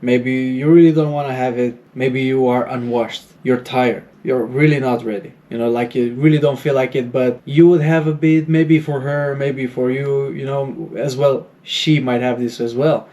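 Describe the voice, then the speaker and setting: A man talks through relationship advice in a loose, rambling way, sprinkling "you know" and "like" everywhere. His voice is mellow and dark, and he slips into little acted-out bits of dialogue as he goes. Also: medium pitch, fairly even intonation, normal speed, few pauses. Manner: acts out little quoted dialogues. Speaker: dating advice vlogger. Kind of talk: casual advice monologue.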